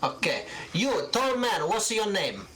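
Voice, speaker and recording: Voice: mid-range voice, huge pitch swings, unhurried, sharp tone, a little hiss or hum, voice pushed up, exaggerated voice. A game master voicing an elderly Italian woman tailor who runs a fabric shop, talking in broken English and ending questions with "huh?". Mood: chatty.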